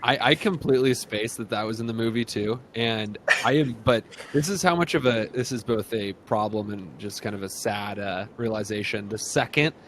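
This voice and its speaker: A man's voice: lowish voice, normal speed, hardly any pauses, fairly bright tone. A man co-hosting a casual movie review podcast, reflective and a little rambling. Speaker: podcast co-host.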